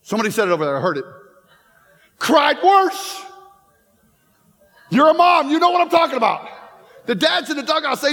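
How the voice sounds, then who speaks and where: High-voiced man preaching in a reverberant hall. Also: sing-song, fairly quick, pauses often, fairly bright tone. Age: 50s. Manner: storytelling, joking with the congregation. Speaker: pastor. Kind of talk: sermon. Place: church sanctuary.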